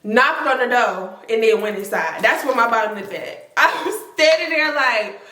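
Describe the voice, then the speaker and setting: Brief: woman vlogger, animated and slangy, higher voice, echoey room. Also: moderate pace. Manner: animated, slangy, full of "like" fillers and exaggeration. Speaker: storytime vlogger. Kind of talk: casual storytelling.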